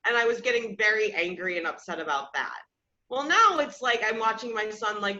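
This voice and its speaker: This podcast host, a woman in her thirties, talks fairly quickly in a medium-pitched, expressive voice that comes across pushed and bright. She shares personal stories casually and candidly, mocking herself and often laughing, with lo-fi audio that sounds slightly dull.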